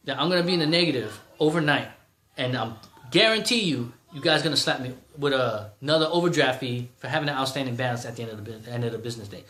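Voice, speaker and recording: A man's voice: mid-range voice, fast, bright, forceful tone, reverberant, a little hiss or hum. A man in his thirties ranting in a vlog, heated and exasperated, repeating himself. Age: 30s. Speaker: vlogger.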